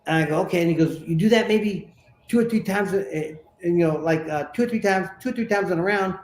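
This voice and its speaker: A man from California tells a story from his fighting days, animated and stumbling over repeated words. His voice sits fairly high. The room around him rings with echo. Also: fast talker, a little hiss or hum. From Sacramento, California. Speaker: interview guest, former boxer. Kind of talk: casual storytelling interview.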